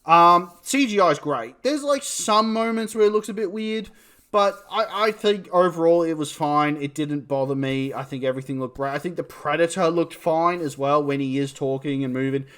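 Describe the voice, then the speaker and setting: Speaking at normal speed in a slightly high, fairly bright voice, this New Zealand movie reviewer wanders through his thoughts on a film. He swears freely and laughs at himself along the way.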